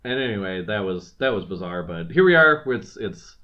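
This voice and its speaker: A man's voice: fairly low pitch, big pitch swings, normal speed, highs cut off. A man co-hosting a casual podcast, chatty and rambling, with many fillers and restarts. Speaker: podcast co-host. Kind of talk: casual chat.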